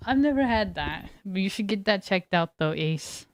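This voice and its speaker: A woman's voice: mid-range voice, lively intonation, moderate pace, no echo, studio quality. A young adult woman streaming as a variety streamer, chatting casually with her viewers in a rambling, talkative way and laughing often. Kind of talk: casual chat with live viewers.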